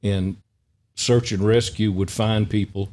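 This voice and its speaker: A man's voice: on the low side, fairly even intonation, unhurried, darkish tone. A man co-hosting a casual podcast chat, adding short remarks and recounting what he heard. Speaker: podcast co-host.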